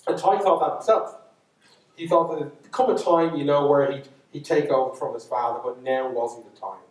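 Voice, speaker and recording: Irish storyteller in an echoey hall. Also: male voice, mid-range voice, fairly even intonation, normal speed. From Ireland. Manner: chatty, with asides to the audience. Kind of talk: live folk-tale storytelling. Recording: echoey hall, speaker far from mic.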